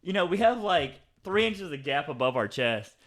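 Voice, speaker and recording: A young man co-hosting a podcast, telling stories in an animated way, saying "oh, dude" often and swearing freely. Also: fairly high pitch, normal speed, a crowd in the background. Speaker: podcast co-host. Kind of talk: casual chat.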